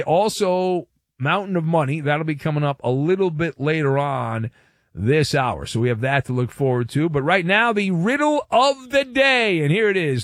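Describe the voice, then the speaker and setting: A man's voice: a little high, a bit bright, dry recording, clean studio sound. A man hosting a sports talk radio show, delivering a wry, theatrical monologue and stretching words for effect.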